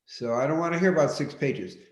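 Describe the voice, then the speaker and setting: A man leading an online workshop, speaking in a deliberate, directive way and often repeating his key points. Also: a little high. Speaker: workshop teacher. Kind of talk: live online teaching session. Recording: roomy echo.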